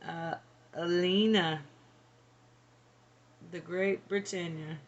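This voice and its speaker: A woman's voice: on the low side, steady tone, extremely slow, highs cut off. A woman working as a psychic medium, relaying channeled messages in a hesitant, tentative way. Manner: hesitant, tentative, laughs between.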